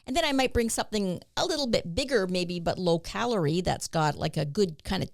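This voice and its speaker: A woman dog trainer co-hosting a podcast in casual chat, chatty and quick to agree. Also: lowish voice, animated, gravelly, no echo, studio quality. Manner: chatty, with frequent agreeing backchannels.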